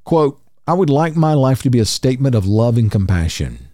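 A man hosting a podcast, calmly reading spiritual quotes and explaining each one. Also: mid-range voice, a little fast, no room sound, clean studio sound. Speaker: podcast host.

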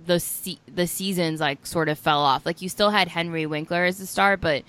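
Low-voiced chatty young woman. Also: fairly even intonation, normal speed, a bit bright. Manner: chatty, lots of fillers. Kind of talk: casual chat.

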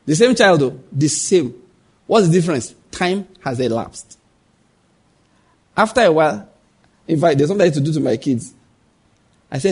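A man preaches a sermon in a fairly high, husky voice. He keeps asking the congregation rhetorical questions and drops into the voices of the people in his family stories. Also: animated, normal speed, long pauses, a little mellow. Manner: acts out quoted voices. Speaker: pastor.

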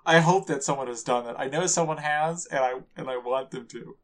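A man's voice: mid-range voice, a bit bright. Giggly, teasing male podcast co-host. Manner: giggly, teasing, halting restarts. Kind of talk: casual podcast chat.

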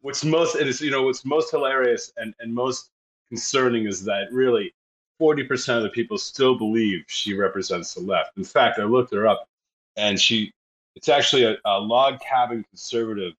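A man's voice: mid-range voice, normal speed, fairly bright tone, low-quality recording. A man talking in a casual online chat, rambling and hedging with many fillers. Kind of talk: casual chat on a live audio space.

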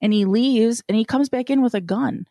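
A woman's voice: fairly high pitch, normal speed, warm tone, dry recording, clean studio sound. A woman telling stories in casual conversation, acting out the people she quotes and laughing often. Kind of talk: casual chat, storytelling.

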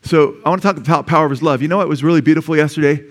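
A man preaching a sermon as pastor, talking conversationally with frequent asides and bursts of loud praise. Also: a little high, fairly even intonation, racing. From California. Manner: exclaims praise loudly.

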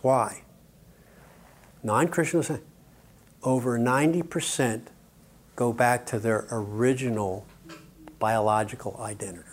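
A man's voice: medium pitch, measured pace, long pauses, a bit bright. Older man preaching with emphatic asides. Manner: emphatic, with joking asides and frequent "okay?" checks. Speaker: conference speaker. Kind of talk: sermon-style teaching talk.

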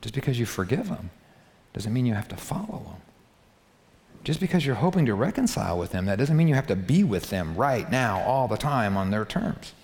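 A man's voice: medium pitch, sing-song, fairly quick, darkish tone. A man preaching a sermon to a live congregation, talking straight to them in an emphatic, repetitive way. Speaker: pastor. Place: large hall before a live congregation. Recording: long hall reverb.

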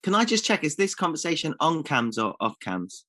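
A man's voice: on the high side, very animated, normal speed, bright, forceful tone. Sarcastic man co-hosting a comedy podcast. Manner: defensive, sarcastic jokey replies. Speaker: podcast co-host.

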